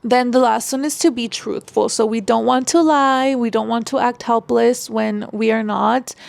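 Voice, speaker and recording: Woman giving casual relationship advice, gravelly fry, dry close sound, says like a lot. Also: a little high, steady tone, moderate pace, dry recording. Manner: chatty, frequent "like" fillers.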